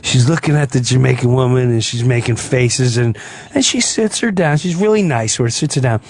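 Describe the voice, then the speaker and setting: A man's voice: medium pitch, brisk. A man who is a comedian guest, telling a comic story on a talk radio show and often jumping into voices. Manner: animated, jumps into voices.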